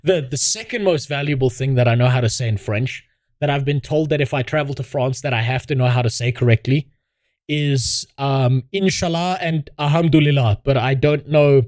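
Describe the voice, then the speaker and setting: A man's voice: mid-range voice, a little mellow, dry recording. A man streaming and reacting to videos in casual commentary, swearing heavily and mocking himself. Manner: crude, heavy swearing, self-mocking.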